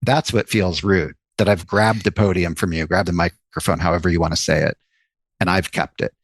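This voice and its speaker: A man talks through ideas as a podcast guest, laying out examples one after another. His voice is low and gravelly. The close, dry mic keeps the room out of the sound. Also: steady tone, brisk, no room sound. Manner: explains ideas at length with examples. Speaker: psychologist and author, podcast guest. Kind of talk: interview conversation.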